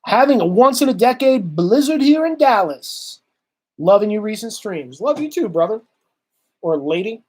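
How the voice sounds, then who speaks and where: A man's voice: high-pitched, moderate pace, slightly rough. A man hosting a livestream, delivering a heated, profane political rant with sarcasm and reading viewer comments. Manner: heated, swearing, sarcastic, animated.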